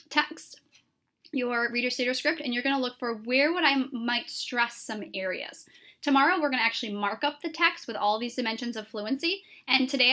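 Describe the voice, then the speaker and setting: Bright-voiced woman teacher explaining. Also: fairly high pitch. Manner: clear, explanatory, with frequent "um" fillers. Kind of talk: recorded classroom lesson.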